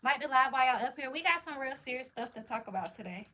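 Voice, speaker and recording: A woman's voice: high voice, animated, fast talker, pushed and bright, slight background noise. A woman hosting a livestream, chatting in a hyped, slangy, casual way while answering comments. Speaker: livestream host.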